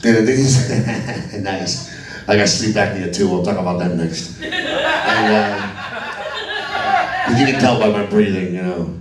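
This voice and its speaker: A man's voice: on the low side, unhurried, pauses often. A man from Alabama doing a crude, profane stand-up comedy set on a club stage. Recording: echoey club from a distance with crowd laughter.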